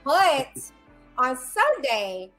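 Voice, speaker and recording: High-voiced, animated woman co-host. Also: drawn-out words, music in the background. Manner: animated storyteller, hypes with "okay" and "come on". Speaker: podcast co-host. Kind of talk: casual recap chat.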